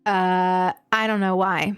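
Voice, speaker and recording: This young American woman has a lowish voice and speaks slowly, with a clean tone and no echo. While streaming a game she reads her chat and chats casually, telling stories animatedly and laughing a lot.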